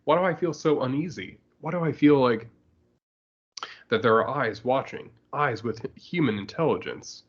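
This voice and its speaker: An overwrought male comic-book hero, jittery and cursing, as a man reads his lines aloud. He frets in a voice of middling pitch, and the sound is a touch muffled. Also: normal speed, close to an everyday voice. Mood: uneasy.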